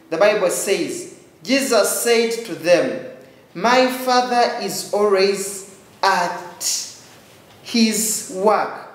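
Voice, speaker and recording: High-voiced man preaching to children. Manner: call-and-response, repeats key lines. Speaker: children's church teacher. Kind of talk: children's sermon. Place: church hall. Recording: very echoey church hall.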